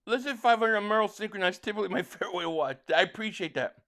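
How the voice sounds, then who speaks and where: A man from Philadelphia hosting a live football watch-along, excitably calling plays and reading viewer chats, stammering on restarts. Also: high-pitched, rapid-fire. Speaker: livestream host and fan.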